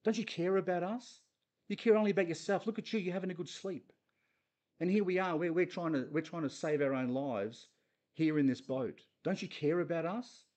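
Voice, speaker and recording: A man's voice: on the high side, fairly quick, darkish tone, voice pushed up, close to an everyday voice. A man voicing frightened male disciples who plead and guilt-trip in a storm. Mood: reproachful.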